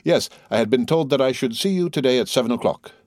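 A man reading the part of a suave, courteous nobleman count, speaking in a smooth, measured way. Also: mid-range voice, expressive, darkish tone, no echo, studio quality, voice pushed up, close to an everyday voice.

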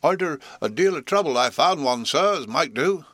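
A man voicing a nervous, slow-witted male go-between with a stuffy head cold, talking hesitantly and humbly. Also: on the high side, expressive, fairly bright tone, no room sound, pitched above the performer's own voice. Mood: nervous humble.

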